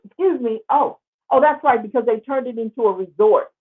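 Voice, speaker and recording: Husky, sarcastic woman host on a tinny line. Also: a little high, animated, moderate pace. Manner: sarcastic, exclaiming over pictures. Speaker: show host. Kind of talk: casual livestream commentary over images.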